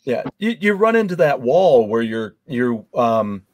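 A man's voice: medium pitch, sing-song, unhurried, dry recording. A man hosting an interview show, chatting casually and telling personal stories with empathy. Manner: empathetic, storytelling, frequent fillers. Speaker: podcast host.

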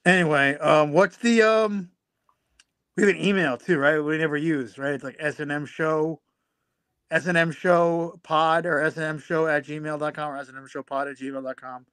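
A man's voice: on the high side, fairly even intonation, normal speed, a bit bright, clear, resonant tone, dry recording, clean studio sound. A man co-hosting a podcast, rambling with fillers and teasing his co-host in a mock-prudish way. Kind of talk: casual podcast chat.

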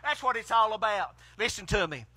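A man preaching a fiery country sermon at a drive-in church, swinging from hushed asides to shouted praise. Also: high voice, expressive, brisk, dry recording. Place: outdoor drive-in church service.

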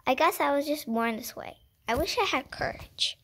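Timid cowardly lion read by a woman, soft and partly whispered, high-pitched. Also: lively intonation, moderate pace. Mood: ashamed.

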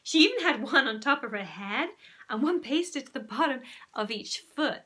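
Young woman, primary teacher, reading aloud, lively, explaining, bright, slightly high. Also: husky. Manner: lively, expressive, pausing to explain. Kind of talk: reading a children's novel aloud.

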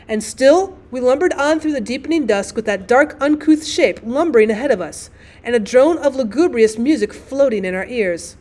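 A woman teacher reading a classic short story aloud as an audiobook, with expressive, dramatic storytelling. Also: high voice, moderate pace.

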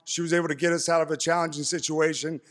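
A man's voice: a little high, level tone, fast talker, a bit bright. A man in his thirties from East Tennessee giving an earnest, heartfelt acceptance speech on a stage. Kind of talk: speech to an audience. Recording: long hall reverb from PA.

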